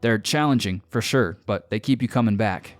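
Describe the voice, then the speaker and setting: A man's voice: on the low side, moderate pace, soft background music. A man, a strength coach, giving a confident, emphatic scripted voice-over with direct advice.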